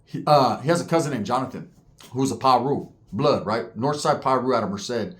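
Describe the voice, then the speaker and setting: A man's voice: medium pitch, fairly bright tone. A man telling a story in a casual, profane way, full of slang and constant "right?" checks. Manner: acts out other people's lines in quick voices. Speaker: podcast guest telling a story.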